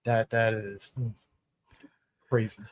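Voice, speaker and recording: A man co-hosting a casual movie podcast, excitable and swearing freely as he retells scenes. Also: lowish voice, takes it slowly. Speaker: podcast co-host. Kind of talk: casual chat.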